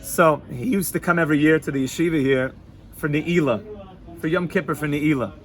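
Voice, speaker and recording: A man, a rabbi, giving an informal Torah class in a yeshiva hall, sprinkling Yiddish and Hebrew words into casual talk and swinging between loud and hushed. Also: fairly high pitch, a little fast. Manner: animated, swings from loud to hushed, laughs easily.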